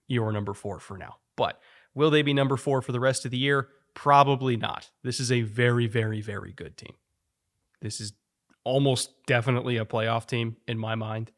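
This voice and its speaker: A man's voice: mid-range voice, fairly bright tone. A man hosting a football show, giving opinionated, stat-heavy analysis in casual chat with frequent restarts. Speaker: football podcast host.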